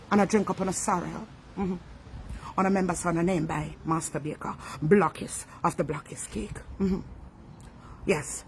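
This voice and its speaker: A woman with a Jamaican accent, a home baker giving an animated casual holiday message to her customers. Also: on the low side, a little hiss or hum. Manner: animated, calls herself by her business name in the third person. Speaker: home baker selling cakes.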